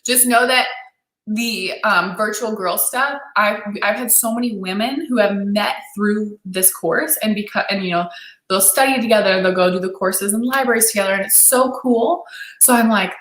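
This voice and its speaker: A woman's voice: mid-range voice, normal speed, fairly bright tone. A young adult woman coaching on dating during a live-stream Q&A, enthusiastic and encouraging as she reads viewer comments aloud. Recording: echoey room.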